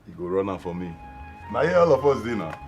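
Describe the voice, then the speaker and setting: A young actor with a Nigerian Pidgin accent playing an excitable man who jokes and teases his friend. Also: lowish voice, fast, dull audio, soft background music. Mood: teasing. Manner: joking, teasing, excitable. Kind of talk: film drama acting.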